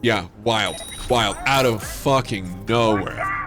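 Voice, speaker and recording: A man's voice: lowish voice, slow, over music. A man hosting a livestream, telling a story in a loose, casual way. He swears freely and fills his talk with fillers and restarts. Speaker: livestream gamer host.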